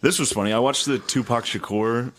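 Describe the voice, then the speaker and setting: A man's voice: medium pitch, fairly quick, a bit bright. A man co-hosting a casual podcast, talking bluntly with dry, swearing quips. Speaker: podcast co-host.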